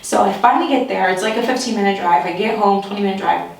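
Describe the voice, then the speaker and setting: A woman telling a story in a casual storytime vlog, animated and breaking into nervous laughter. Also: medium pitch, fast, gravelly. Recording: echoey room, distant mic.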